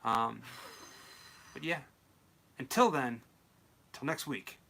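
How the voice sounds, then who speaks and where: A young man co-hosting a late-night talk show, easygoing and chatty, quick to laugh. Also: mid-range voice, animated, vocal fry, bright, forceful tone. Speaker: co-host. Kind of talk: casual late-night chat.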